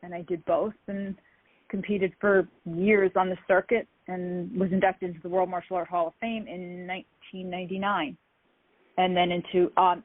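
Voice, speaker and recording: A woman guest in an interview telling lively stories from her career, acting out the dialogue of people she quotes. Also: lowish voice, no room sound. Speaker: interview guest, martial artist. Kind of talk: casual storytelling interview. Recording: tinny phone-like dry sound.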